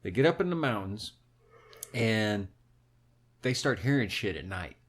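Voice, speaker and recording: A man's voice: on the low side, measured pace. A man swearing through a film retelling. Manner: animated, heavy swearing, recounts a film plot. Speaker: podcast co-host. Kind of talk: casual profane chat.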